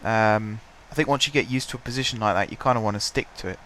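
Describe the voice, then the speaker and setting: A gaming commentator with a stuffy, blocked-up voice does casual let's-play commentary at a quick pace. His fairly low voice has a sharp tone over slight background noise, and he's chatty and self-deprecating, often clearing his throat.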